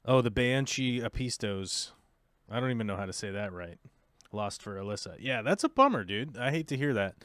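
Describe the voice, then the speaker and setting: A man's voice: medium pitch, expressive, moderate pace, fairly bright tone, no echo. Rambling American man chatting on a livestream. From United States. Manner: rambling, chatty, lots of fillers. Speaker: livestream host. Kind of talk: casual livestream chat reading comments.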